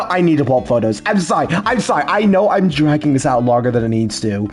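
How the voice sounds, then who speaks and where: A man's voice: a little high, big pitch swings, quick pace, few pauses, soft background music. A young man doing casual, rambling, giddy gaming commentary between dub lines. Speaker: fan dubber and let's player.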